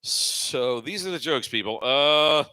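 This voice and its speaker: A man's voice: mid-range voice, lively intonation, slow pace, pushed and bright, smooth. A man in his forties hosting a comedy open mic, rambling loosely between dry, self-mocking punchlines. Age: 40s. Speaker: host and stand-up comedian. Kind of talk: stand-up comedy set.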